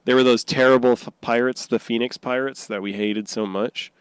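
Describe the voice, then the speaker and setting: A man co-hosting a casual podcast chat, playful and halting with fillers. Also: mid-range voice, fairly even intonation, smooth, dry recording. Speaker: podcast co-host.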